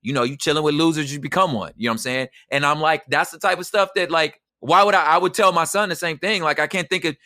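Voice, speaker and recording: A man's voice: on the high side, quick pace, few pauses, sharp tone, dry recording, clean studio sound. A man talking as a podcast guest in casual conversation, emphatic and slangy, often adding "you know what I'm saying".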